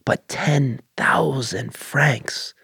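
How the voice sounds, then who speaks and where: A man voicing a gentle, bewildered elderly spinster sister in a read story. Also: medium pitch, expressive, normal speed, breathy edge, dry recording, clean studio sound.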